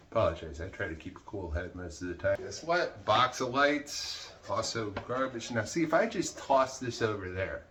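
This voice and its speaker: A man talking casually to his viewers while clearing out clutter, rambling and self-mocking, swearing as he gets worked up. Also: lowish voice, fairly bright tone, a little hiss or hum. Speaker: vlogger. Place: cluttered room indoors.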